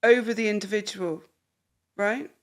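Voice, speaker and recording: Woman, counsellor, animated, acts out quoted voices, therapy session talk. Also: medium pitch, moderate pace. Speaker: counsellor and podcast host.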